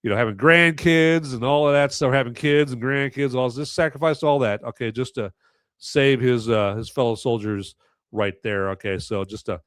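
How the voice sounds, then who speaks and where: A man's voice: medium pitch, moderate pace, a bit bright, smooth, no echo. A man hosting a live movie review podcast, talking in a rambling, sarcastic way with lots of fillers. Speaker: podcast host.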